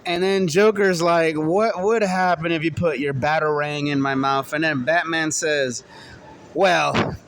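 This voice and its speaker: A man casually improvising a superhero story in turns, talking in a halting way with restarts. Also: a little high, fairly even intonation, a bit bright, slight background noise.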